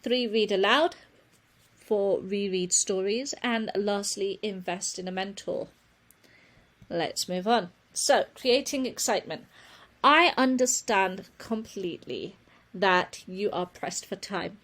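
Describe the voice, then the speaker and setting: A woman presenting a webinar on children's reading, speaking earnestly and often correcting herself with a quick apology. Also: medium pitch, fairly bright tone. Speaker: reading teacher giving a webinar.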